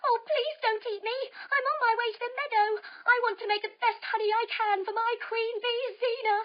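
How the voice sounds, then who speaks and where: A woman's voice: very high-pitched, fairly even intonation, moderate pace, lo-fi sound, pitched above the performer's own voice. A woman voicing a small, brave male bee who talks politely and thinks on his feet. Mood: eager, pleading.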